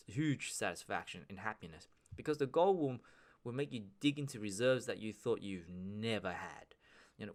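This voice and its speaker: Rambling man podcasting solo. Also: mid-range voice. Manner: rambling, frequent restarts, slangy and profane. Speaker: podcast host. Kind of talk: casual solo podcast monologue.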